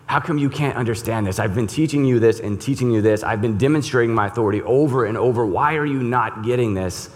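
A man's voice: medium pitch, quick pace, few pauses, pitched above the performer's own voice, close to an everyday voice. A pastor voicing an exasperated teacher scolding his followers, raised and emphatic. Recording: long reverb in a large hall.

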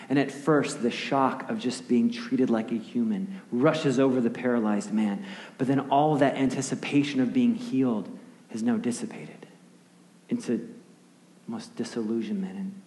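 Male pastor, mid-pitch, storytelling sermon with hushed asides, long hall reverb. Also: moderate pace, slight background noise. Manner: vivid storytelling, often dropping to a hushed near-whisper; conversational, asks the audience questions.

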